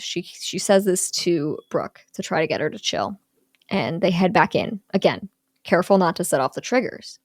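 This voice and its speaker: A young woman co-hosting a podcast, recapping a horror movie in an animated, chatty way, full of "like" and acted-out quotes. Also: on the low side, moderate pace, no echo, studio quality. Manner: animated storyteller, lots of "like", acts out quotes. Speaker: podcast co-host recapping a film.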